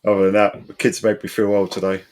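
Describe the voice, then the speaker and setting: Low-voiced male host, 40s, chatty, laughs a lot. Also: fast. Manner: laughs often, chatty and animated. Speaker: podcast host. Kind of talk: casual chat.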